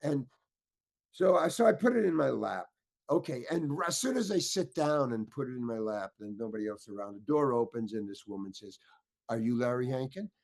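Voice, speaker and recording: Animated older man telling an anecdote. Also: medium pitch, fairly quick, gravelly. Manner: animated, stammering restarts, acts out voices in his story. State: getting worked up. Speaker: interview guest, actor. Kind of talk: storytelling anecdote in an interview.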